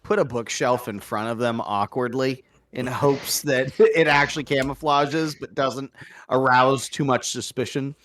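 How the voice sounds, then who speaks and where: A man's voice: mid-range voice, measured pace, fairly bright tone. A man playing in a tabletop game, talking loosely and casually. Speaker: player. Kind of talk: casual chat.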